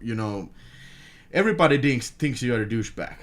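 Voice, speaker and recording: Man, Finnish accent, native Finnish speaker, casual unboxing chat, laughs often, mid-pitched. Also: lively intonation, fairly quick. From Finland. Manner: chatty, laughs often, repeats words. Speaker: film collector vlogger.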